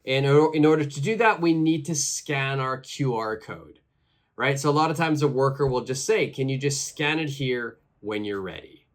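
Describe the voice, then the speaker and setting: A man teaching an English lesson, who says phrases slowly and clearly and repeats them for practice. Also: medium pitch.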